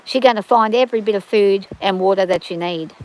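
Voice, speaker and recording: A woman's voice: medium pitch, a little fast, low-quality recording. A woman hosting a livestream from her farm, chatting casually and rambling with frequent restarts and fillers. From Australia.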